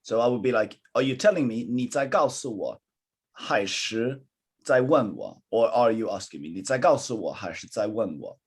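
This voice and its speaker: Husky man teaching Mandarin online. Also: lowish voice, animated, normal speed. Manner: encouraging, mixes English and Mandarin, coaching. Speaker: Chinese teacher. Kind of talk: live online language lesson.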